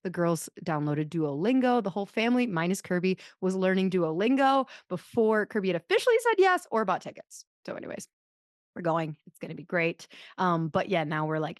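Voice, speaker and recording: A woman's voice: fairly low pitch, expressive, normal speed, no echo, clean studio sound. A woman in her thirties hosting a podcast, telling stories in a rambling, self-deprecating casual chat. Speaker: podcast host.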